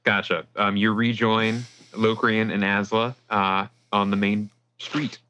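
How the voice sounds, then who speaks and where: A man's voice: on the low side, flat delivery, unhurried, sharp tone. A man narrating a tabletop game as game master, casual with lots of fillers, on dull lo-fi audio.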